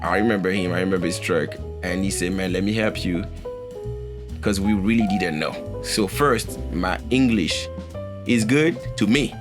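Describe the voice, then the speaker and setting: A man's voice: sits low, normal speed. A man in his forties from France, speaking English with a French accent, telling a meandering story in a documentary interview. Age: 40s. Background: guitar music.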